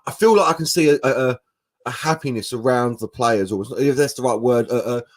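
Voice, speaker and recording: A man co-hosting a casual football chat, animated and chatty. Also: mid-range voice, fairly quick. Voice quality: animated, chatty, says mate and bro a lot. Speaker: podcast co-host.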